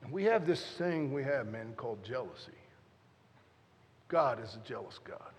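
A man's voice: mid-range voice, moderate pace, long reverb tail. A man in his fifties, a guest pastor telling a joking story in a sermon, talking straight to the congregation. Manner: animated, joking, talks straight to the crowd. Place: church.

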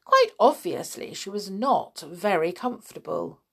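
A woman reading a children's story aloud with expressive, dramatic delivery. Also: medium pitch, unhurried, vocal fry, husky.

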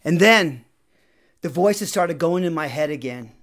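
Lively man telling a personal story. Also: a little high, a little slow. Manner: lively, conversational, acts out quotes.

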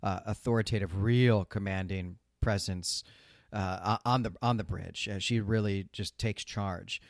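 A man co-hosting a podcast, recapping in a measured way with frequent fillers and repeated words. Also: on the low side, steady tone, no echo, studio quality. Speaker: podcast co-host. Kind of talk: casual recap chat.

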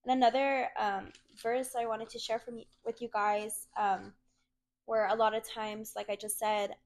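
A woman's voice: on the high side, level tone, moderate pace. A young woman giving a casual, earnest faith talk to her viewers, chatty and leaning on the word "literally". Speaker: Christian content creator.

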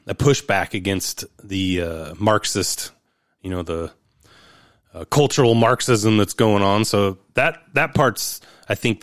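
A man with a low, resonant voice hosting a podcast. He laughs easily and hesitates often. The sound is dry and close. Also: no echo. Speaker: podcast host. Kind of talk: casual political chat.

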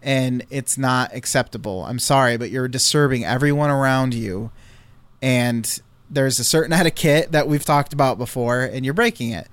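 A man's voice: medium pitch, normal speed, a bit bright, no room sound. A man telling a long story in casual chat, rambling with fillers and restarts.

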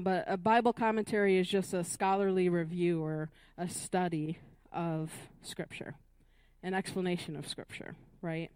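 A woman's voice: fairly low pitch, darkish tone, smooth, dry recording. A woman leading a Bible study class, recapping earlier weeks and asking the group questions, often checking in with "right?" and "Amen?".

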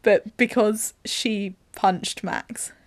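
Woman co-host, casual film recap, chatty and storytelling, mid-pitched, dry close sound. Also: steady tone, drawn-out words, dry recording. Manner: chatty storyteller, walks through scenes with lots of "like".

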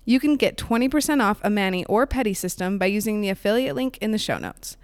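A woman's voice: medium pitch, lively intonation, fast talker, clear, resonant tone, dry recording. Woman podcast host, bubbly, dry close mic sound. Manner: bubbly, enthusiastic. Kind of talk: podcast intro, ad read and interview.

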